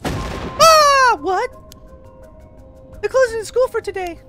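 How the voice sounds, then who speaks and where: A chirpy high schoolgirl. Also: expressive, slow pace, bright, forceful tone, soft background music, exaggerated voice. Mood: eager. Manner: eager, chirpy reading. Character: bubbly high-voiced teen schoolgirl sidekick.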